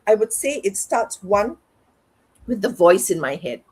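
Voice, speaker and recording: Husky-voiced woman coach, reflective. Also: medium pitch, very animated, a little slow, a little mellow. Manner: reflective, talks herself through things aloud. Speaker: guest, parenting and life coach. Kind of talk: candid conversational interview.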